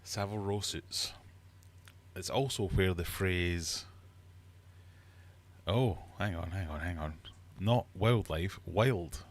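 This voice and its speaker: A man's voice: low-pitched, slow pace, long pauses. A man hosting a live-streamed quiz from his fish room, reading questions and teasing the audience in a playful, mock-uppity way. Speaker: livestream host and quizmaster.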